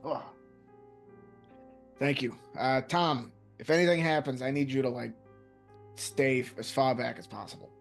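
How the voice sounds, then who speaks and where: A man playing a character in a tabletop game, earnest and a little halting. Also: mid-range voice, creaky, faint music behind. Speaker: player. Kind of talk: in-character tabletop role-play.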